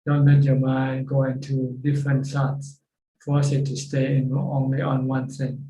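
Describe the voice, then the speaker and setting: Monotone monk answering questions, roomy echo. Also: male voice, medium pitch, unhurried. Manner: plain, repeats words while searching for phrasing. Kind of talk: dharma talk answering questions. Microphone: video call.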